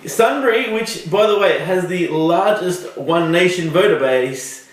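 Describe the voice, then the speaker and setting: A man's voice: fairly high pitch, a little slow. Man, distant and echoey. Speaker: podcast co-host. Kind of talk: casual joking chat. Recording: echoey room, far from mic, faint noise.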